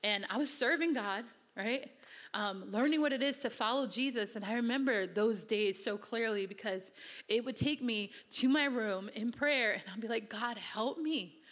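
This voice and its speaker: A woman's voice: fairly high pitch, normal speed, a bit bright, in a large hall. A woman from Connecticut giving an earnest, conversational personal testimony in a sermon, with many casual fillers. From Connecticut, USA.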